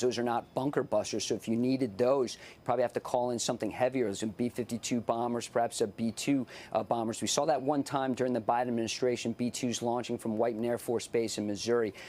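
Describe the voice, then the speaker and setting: A man reporting on a TV news broadcast as a military correspondent, explaining in a measured way with frequent "uh" pauses. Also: medium pitch, darkish tone.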